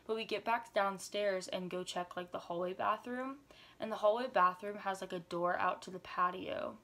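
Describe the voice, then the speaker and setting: Young woman, vlogger, animated storytelling, filler-heavy, chatty, medium pitch. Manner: animated retelling, frequent "like" fillers. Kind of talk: story time vlog.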